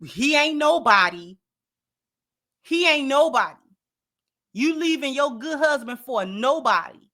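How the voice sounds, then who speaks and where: A woman's voice: high-pitched, lively intonation, measured pace, pauses often, pushed and bright, pitched above the performer's own voice, full character voice. A woman voicing a disapproving mother and family who bluntly scold a daughter. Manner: blunt, dismissive, repeats herself.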